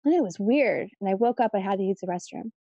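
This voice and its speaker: A woman's voice: medium pitch, expressive, quick pace, dark tone, no echo, highs cut off. A woman voicing her startled mother, woken in the night and rattled.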